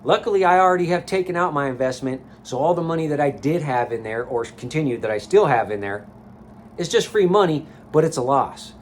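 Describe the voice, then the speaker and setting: A man with a somewhat high voice delivers a blunt, heavily profane motivational rant. He talks to camera like a life coach vlogger, recorded in a sauna. A faint ambient hum sits behind him. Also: animated, fairly quick.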